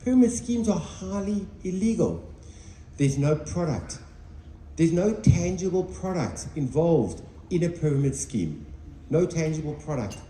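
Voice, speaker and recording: This man's voice is on the high side, expressive and warm, and he takes his time. He's presenting on network marketing to his team, animatedly telling a story with emphatic delivery and voicing both sides of a conversation. The recording is roomy, with faint ambience and a little hiss or hum.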